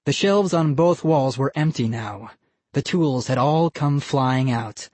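Audiobook narrator, slow, husky, dry close mic, measured storytelling. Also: medium pitch, a little mellow, no echo.

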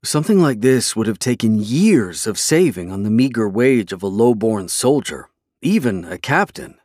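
A man narrating a fantasy novel in a measured, even storytelling way. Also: fairly low pitch, no echo, studio quality. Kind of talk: scripted fantasy audiobook narration.

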